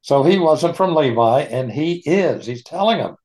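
Unhurried man leading a Bible study. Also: fairly high pitch, lively intonation, a little mellow. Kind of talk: online Bible study teaching.

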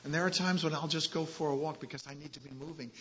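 Brief: male preacher, fairly high and bright voice, emphatic delivery, dull lo-fi recording. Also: fairly even intonation. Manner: emphatic, slows on key phrases. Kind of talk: sermon with scripture reading.

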